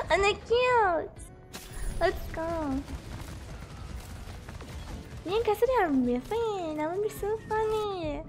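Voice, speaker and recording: A woman's voice: very high voice, expressive, very slow, pauses often, soft background music. A young woman streaming a video game, chatting casually and giggling often. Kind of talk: casual gameplay chat.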